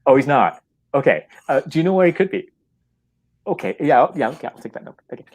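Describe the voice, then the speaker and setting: A man's voice: fairly high pitch, sing-song, brisk, darkish tone, voice pushed up. A man voicing a groggy, flustered man woken by a late-night phone call, apologizing and stammering.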